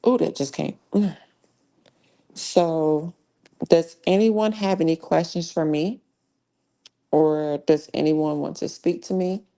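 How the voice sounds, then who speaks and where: A woman's voice: low-pitched, fairly even intonation, slow pace, pauses often, dark tone. A woman hosting a live true crime commentary stream, talking bluntly with heavy cussing and slang. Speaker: livestream host.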